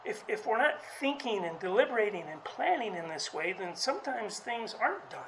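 Preacher talking through a sermon, chatty and halting, repeats words, livens up on quotes. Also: sing-song, slight background noise, rough recording. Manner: conversational, halting delivery with frequent restarts; acts out quoted speech with raised pitch.

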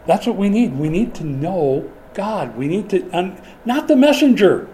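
A man's voice: high-pitched, very animated, normal speed, dark tone, a little hiss or hum. An older man preaching a sermon in a folksy, storytelling way. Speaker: pastor.

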